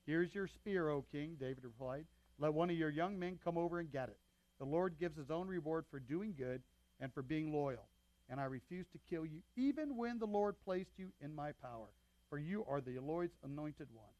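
A casual, higher-voiced male pastor. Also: normal speed, darkish tone, no echo, lo-fi sound. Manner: conversational, checks in with the congregation. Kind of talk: sermon with scripture reading.

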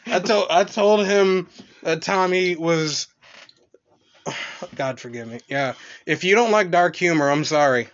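A young man co-hosting a casual podcast, swearing freely and joking with dark humor. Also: high-pitched, a little slow, a little hiss or hum. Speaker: podcast co-host. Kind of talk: explicit casual chat. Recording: dull lo-fi recording.

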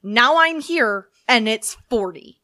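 A woman's voice: fairly high pitch, animated, slow pace, pushed and bright. A woman co-hosting a comedy podcast, crude and jokey, laughing often and trying out silly accents. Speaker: podcast co-host. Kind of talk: casual comedic chat.

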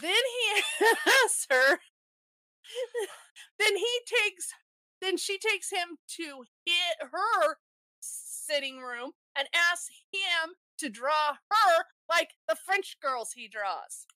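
A woman's voice: extremely high pitch, animated, slow pace, bright, forceful tone, no echo. A woman co-hosting a podcast, casually retelling a movie's scenes step by step with frequent restarts. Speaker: podcast co-host.

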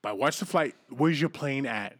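Animated, foul-mouthed male storyteller. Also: medium pitch, normal speed, dry recording, studio quality. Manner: profane, animated, acts out other people's lines. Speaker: podcast co-host telling a story. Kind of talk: casual storytelling chat.

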